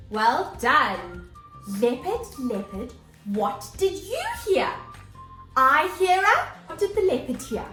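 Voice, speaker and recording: A woman teacher leads a children's morning lesson in an animated, high-pitched voice, full of gasps and exclamations, with a reverberant sound.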